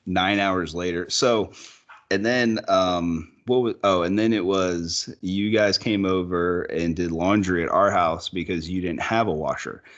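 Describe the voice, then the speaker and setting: Real low voiced dude egging on the story, kinda muffled audio. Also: male voice, fairly even intonation, a little slow. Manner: prompting, laughs along. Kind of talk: casual chat. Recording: dull lo-fi sound.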